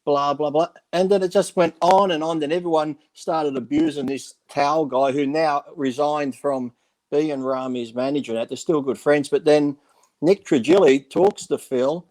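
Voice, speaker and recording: A man with a slightly high voice tells stories in a casual radio chat. He acts out other people's quotes with lots of energy and swears freely along the way. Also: normal speed. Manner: animated storyteller acting out quotes, swears freely. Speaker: bodybuilding radio show regular.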